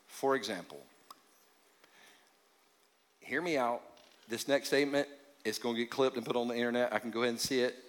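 A male pastor preaching a sermon in a conversational, joking way, with sudden drops into quiet emphasis. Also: medium pitch, brisk, pauses often. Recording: long hall reverb.

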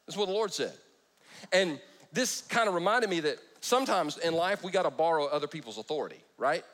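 A man's voice: fairly high pitch, lively intonation, a little fast, a bit bright. A man preaching a sermon in church, joking and breaking off his own sentences. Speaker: pastor.

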